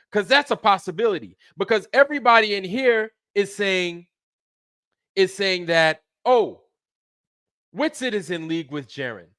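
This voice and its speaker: A channel host with a high, bright, forceful male voice goes on an angry, profane rant, repeating phrases over and over. The recording is dry.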